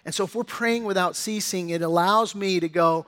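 A man's voice: high voice, normal speed, hardly any pauses, fairly bright tone. A middle-aged pastor preaching a sermon in a conversational, story-telling way, acting out quotes from his family.

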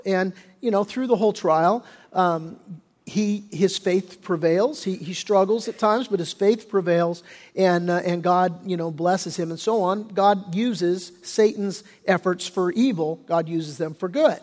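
A man's voice: sits high, a little mellow. A man preaching a sermon as pastor. He explains things conversationally and often restarts his sentences. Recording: long reverb of a large hall.

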